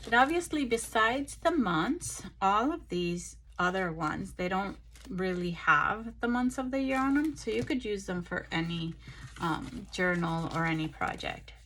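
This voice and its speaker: A tired woman chatting casually through a craft haul, relaxed and full of ums and pauses, recorded on a phone. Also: mid-range voice. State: tired, yawning. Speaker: craft vlogger. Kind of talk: casual show-and-tell chat.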